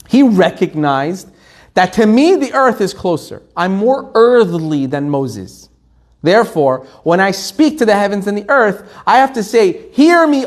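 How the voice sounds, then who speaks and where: A man, a rabbi, teaching a Torah class, telling the story with lively, acted-out quotes. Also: high-pitched. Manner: animated storytelling, acting out quotes.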